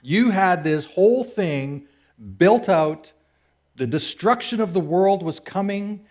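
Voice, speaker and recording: A middle-aged man delivering a sermon to his church like a friendly conversation. His voice sits a little on the high side, and he retells the story with plenty of animation, jumping into loud, excited voices for its characters. Between those bursts he drops back into an easy, casual tone. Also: slow. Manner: conversational storyteller who acts out characters with big swings into excited shouts. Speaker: speaker at a church service. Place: church hall.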